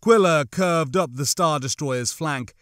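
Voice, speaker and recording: A man reading a science fiction novel aloud as an audiobook narrator, telling the story with lively, shifting character voices. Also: on the high side, measured pace, no echo, studio quality. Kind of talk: scripted narration.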